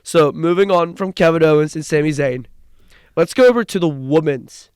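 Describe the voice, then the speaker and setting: An excited young man co-hosts a casual podcast, rambling eagerly through a recap and restarting his sentences. His voice sits a little high and sounds smooth and resonant. The recording is dry and close. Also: normal speed, no echo. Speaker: podcast co-host. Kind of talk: casual chat.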